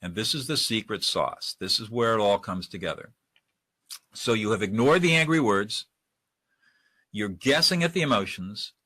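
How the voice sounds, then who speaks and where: Casting: male webinar trainer, bright forceful voice, conversational, dry close-mic sound. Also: on the low side, animated, moderate pace, no room sound. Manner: conversational, demonstrates lines by acting them out. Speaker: de-escalation trainer. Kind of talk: webinar lecture.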